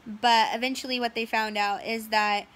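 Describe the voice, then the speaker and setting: Bright-voiced woman telling a rambling story. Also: a little high, steady tone, moderate pace. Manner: rambling, many "um"s and "and so", quotes others in dialogue. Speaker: storyteller recounting a personal medical ordeal. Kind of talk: casual personal storytelling.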